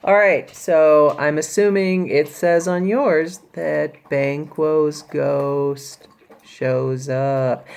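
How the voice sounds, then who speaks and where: A woman teacher talks her class through a Shakespeare scene, retelling it in casual, everyday words. Her voice sits low, with a gravelly edge. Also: darkish tone, slight background noise. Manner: casual, paraphrasing the characters in everyday speech. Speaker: high school English teacher. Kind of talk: recorded class explanation of a play.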